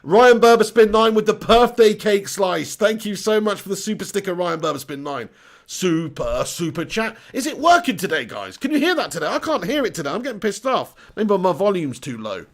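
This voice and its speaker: Excitable lively-voiced man streaming football. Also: high voice, fairly quick. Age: 30s. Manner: excitable, swears, banters with chat. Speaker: football watch-along host. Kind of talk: live-streamed match reaction.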